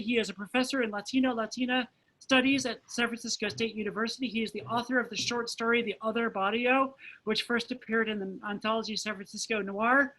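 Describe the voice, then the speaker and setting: A woman with a slightly high voice hosts an online poetry evening over a video call. She introduces the next reader with enthusiasm and reads his biography from notes. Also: fairly bright tone, low-quality recording. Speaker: event host.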